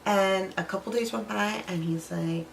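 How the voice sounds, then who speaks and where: A young adult woman vlogger telling a personal story in a casual, animated way, acting out what people said. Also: medium pitch, moderate pace, gravelly, a little hiss or hum, poor audio. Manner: animated, acts out quotes. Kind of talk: storytime vlog.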